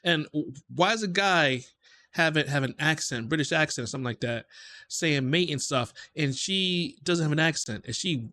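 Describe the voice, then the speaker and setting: A man's voice: fairly high pitch, moderate pace, sharp tone. A man hosting a reaction video, talking casually and repeating himself as he insists he does not believe a clip. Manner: emphatic, repeats himself in disbelief.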